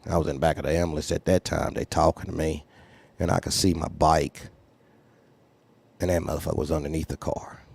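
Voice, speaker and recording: A man's voice: very deep voice, level tone, a little fast, vocal fry, long pauses, a little mellow, breathy edge. A man who runs a trucking company, candidly telling a story in a blunt, profane way and repeating phrases for emphasis. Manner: acts out others' lines in raised voice.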